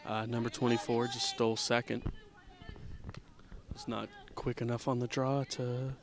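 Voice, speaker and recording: Man, local access softball commentary, outdoors, camera mic, jokey and self-deprecating, drops to a hushed golf-announcer voice now and then. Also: medium pitch, flat delivery, moderate pace. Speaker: amateur sports commentator. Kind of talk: casual softball play-by-play commentary. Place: outdoors at a softball field in light rain.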